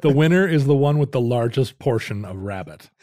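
A man's voice: mid-range voice, expressive, a little fast, dark tone, no room sound. A middle-aged man casually telling a rambling family story with dry jokes on a podcast.

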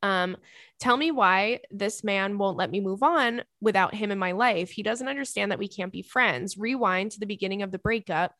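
A woman's voice: mid-range voice, normal speed, fairly bright tone, dry recording. Young woman podcast host, effusive and gushing, casual chat, dry close sound. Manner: gushing, effusive, frequent "oh my God". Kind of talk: casual chat reading listener emails.

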